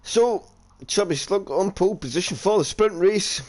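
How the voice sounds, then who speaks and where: A man's voice: high voice, moderate pace, a little mellow. Chatty man commentating a racing league. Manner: chatty, jokey, reading out chat comments. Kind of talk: casual live race commentary.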